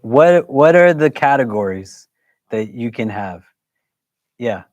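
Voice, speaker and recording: A man's voice: mid-range voice, expressive, slow, a little mellow, no room sound, muffled recording. A man teaching a religious class, talking conversationally and often putting questions to the audience. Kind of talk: interactive religious lesson.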